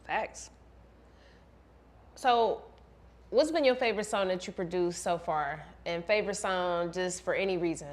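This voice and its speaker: A woman hosts a casual interview, speaking in a lowish voice. She asks relaxed questions and keeps things going with quick slang affirmations. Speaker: interviewer host.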